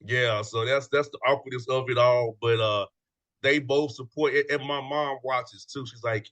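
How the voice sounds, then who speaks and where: A man hosting a casual chat show, with a bright, forceful voice. He sounds playful and laughs easily while talking with his guest. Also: mid-range voice, fairly even intonation, normal speed. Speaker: show host.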